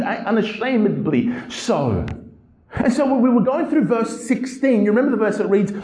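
Here a male pastor's passionate sermon moves from calm, low-pitched reading up to loud, high bursts of emphasis. The voice has a darkish tone, captured roughly in a room full of echo.

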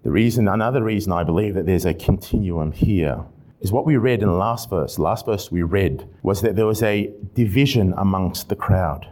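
A man pastor preaching an expository sermon with animated delivery and repeated emphatic phrases. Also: low voice, moderate pace.

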